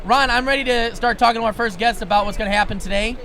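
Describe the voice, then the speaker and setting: High bright-voiced hyped podcast host man. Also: fairly even intonation, fast talker. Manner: hyped, shouting, playful. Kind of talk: energetic live podcast chat. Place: outdoors at a tailgate party.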